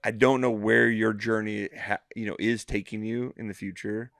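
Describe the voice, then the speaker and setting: A man co-hosting a podcast in casual chat, animated, swearing freely and acting out his own thoughts. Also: on the low side, normal speed, creaky, no room sound, studio quality. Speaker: podcast co-host.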